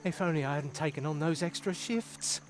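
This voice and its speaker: A man's voice: on the high side, normal speed, slight background noise, natural voice. A man voicing a weary, overworked male animal town guard in a video game, drowsy and complaining. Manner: drowsy, complaining, sudden sharp outbursts.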